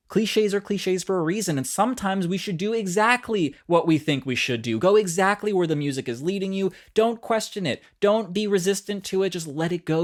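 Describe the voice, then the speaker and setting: A young man teaching songwriting off the cuff, speaking straight to his viewers. His voice sits in a plain middle range. He is lively and encouraging. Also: medium pitch. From New York. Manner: energetic, encouraging, talks directly to viewers. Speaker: music teacher. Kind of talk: unscripted video lesson.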